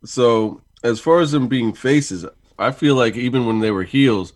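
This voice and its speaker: A man's voice: mid-range voice, measured pace, noisy background. A man co-hosting a casual talk show, laying out his points at length in an easygoing way. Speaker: podcast co-host. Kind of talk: casual chat.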